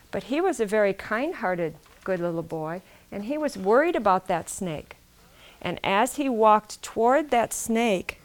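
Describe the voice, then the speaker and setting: A woman telling a traditional story aloud, repeating phrases and asking her listeners questions. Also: medium pitch. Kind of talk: oral storytelling to a live audience.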